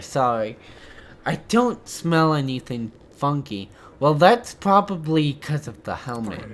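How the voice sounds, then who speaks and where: Slow-reading gamer voicing a visual novel. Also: medium pitch. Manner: voices every character's lines, with excited stammering reactions. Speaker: let's play gamer. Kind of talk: reading a visual novel aloud with live reactions.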